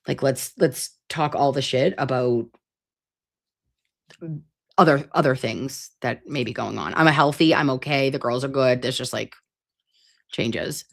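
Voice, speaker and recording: A woman hosting a casual live stream, reading viewer comments aloud in an animated, expressive way and swearing freely. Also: rumbling low, measured pace, gravelly, long pauses.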